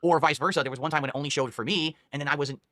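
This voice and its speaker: A man in a clip from a stream, complaining rapidly in casual talk and laughing at his own jokes. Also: a little high, steady tone, bright, forceful tone, a little hiss or hum.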